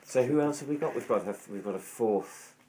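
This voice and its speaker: A man's voice: medium pitch, brisk, crowd noise. A man in casual chat who mostly chimes in with short reactions to another speaker's story.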